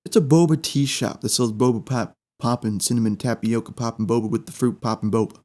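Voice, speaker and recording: Excitable man rambling through a funny story. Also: mid-range voice, brisk. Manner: rambling, excitable, repeats words for laughs. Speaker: podcast host. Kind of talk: comedic storytelling monologue.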